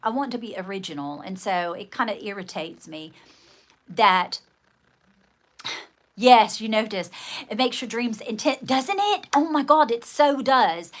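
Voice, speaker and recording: A woman talks to her livestream viewers in loose, rambling casual chat, her voice sitting a little on the high side. She keeps breaking into animated, dramatic outbursts as she acts out what people said. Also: unhurried. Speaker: livestream host.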